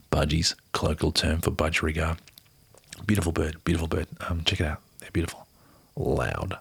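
A man reads a news piece aloud in a soft, unhurried way, slipping into near-whispers and chatty asides. His voice is very low, rough and breathy, with lots of fry. The sound is dry and close. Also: flat delivery, dry recording. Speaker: reader of a news article. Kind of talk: casual read-aloud with asides.

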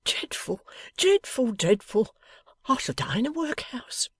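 Man doing a panicky old rich guy, high and whiny, begging. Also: huge pitch swings, moderate pace, husky, no room sound, full character voice. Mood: pleading. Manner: high, wailing, pleading. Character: distraught elderly wealthy gentleman, naive and pleading.

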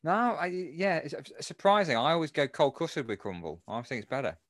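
A man's voice: on the high side, big pitch swings, a little fast, fairly bright tone, no echo. A man in a casual podcast chat, stumbling over his words and hesitating.

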